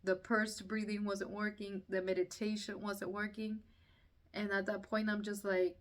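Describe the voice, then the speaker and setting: Woman, casual storytelling, lively quoted voices, mid pitch, set back from the mic. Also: normal speed, recorded from a distance. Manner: animated retelling, acting out quotes, laughing through tense parts. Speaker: vlogger telling her birth story.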